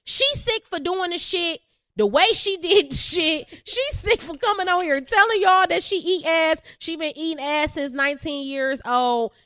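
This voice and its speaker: Brash high-voiced woman podcast co-host. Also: moderate pace, no room sound, studio quality. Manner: brash, animated and profane, laughs often. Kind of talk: casual chat.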